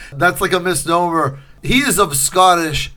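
A man's voice: high-pitched, slow, sharp tone. A man co-hosting a podcast in easygoing casual chat, laughing often and drawing out his trivia setups. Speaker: podcast co-host.

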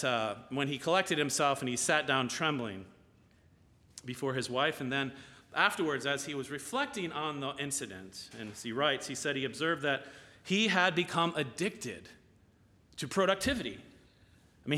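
Bright-voiced male pastor in a reverberant hall. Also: fairly high pitch. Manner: conversational, often asks "right?". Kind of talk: sermon.

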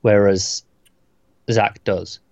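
A man's voice: fairly low pitch, little pitch movement, extremely slow, gravelly, darkish tone, no room sound, highs cut off. A man co-hosting a casual film podcast, wry and laid-back, often answering with short agreements. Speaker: podcast co-host. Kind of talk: casual film review chat.

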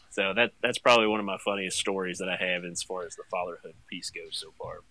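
Young dad guy with a low voice, super bright edge, dry close sound, gets animated telling stories. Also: fast talker, few pauses, no echo. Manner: animated, jumps up high when quoting himself in panic. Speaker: guest, stay-at-home dad. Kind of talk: casual storytelling chat.

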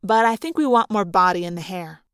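A woman voicing a haughty female makeup artist in an audiobook, with a lower, disdainful tone. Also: expressive, fairly quick, fairly bright tone, smooth, dry recording, clean studio sound, natural voice.

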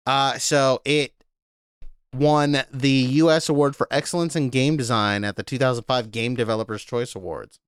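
A man's voice: mid-range voice, fairly even intonation, normal speed, clean tone, no echo, studio quality. A man co-hosting a podcast in casual, joking chat. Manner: joking, reads out slang and review scores. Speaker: podcast co-host.

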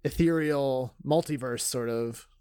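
A man co-hosting a podcast in casual chat, playful and quick to swear while riffing on wordplay. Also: medium pitch, dark tone, clean tone, no room sound. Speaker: podcast co-host.

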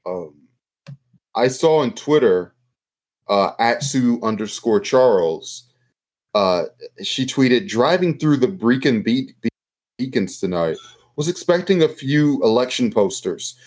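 A man's voice: medium pitch, expressive, slow pace, a little mellow. A man co-hosting a podcast, chatting casually and sarcastically about politics, swearing freely. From United States. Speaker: podcast co-host.

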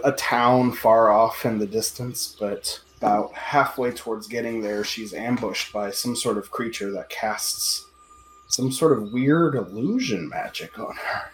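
A man's voice: mid-range voice, echoey room, slight background noise, rough recording. Rambling man running a tabletop game. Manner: rambling, casual, lots of filler. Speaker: game master.

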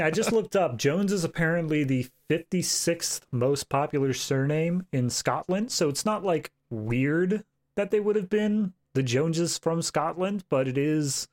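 A man co-hosting a podcast, chatting about a film with jokey asides. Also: a little high. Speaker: podcast co-host. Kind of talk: casual film review chat.

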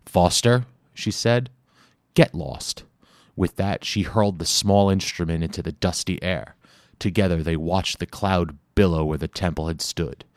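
A man narrating an audiobook chapter in a steady, measured storytelling way. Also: deep voice, dry recording, clean studio sound. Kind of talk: scripted narration.

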